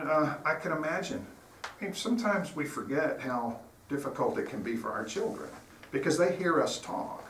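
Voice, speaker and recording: A man giving a conversational, earnest sermon, his voice set at an everyday middle pitch. It carries through a roomy church sanctuary, heard from a mic some way off with a faint hiss underneath. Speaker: guest speaker. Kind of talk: informal sermon. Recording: roomy hall, distant mic, faint noise.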